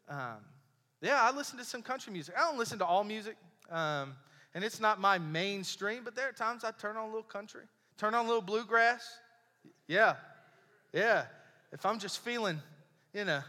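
A young pastor delivers a sermon in a high, bright voice. He preaches conversationally and hammers points home with repetition. His voice rings out in a reverberant church hall. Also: expressive, normal speed, long pauses. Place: church sanctuary.

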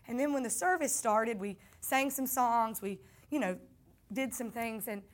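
High-voiced Southern woman telling her story. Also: measured pace. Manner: earnest, addresses listeners as y'all. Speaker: speaker sharing a faith testimony. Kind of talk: personal storytelling testimony.

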